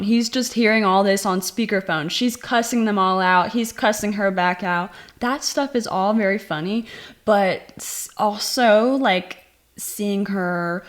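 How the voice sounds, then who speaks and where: A woman chats through a movie review in a casual, talkative way. She fills her speech with "like" and throws herself into the scenes she retells, briefly acting out what the characters say. Her voice sits at an ordinary middle pitch. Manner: animated retelling, acting out quoted lines; chatty, many "like" fillers.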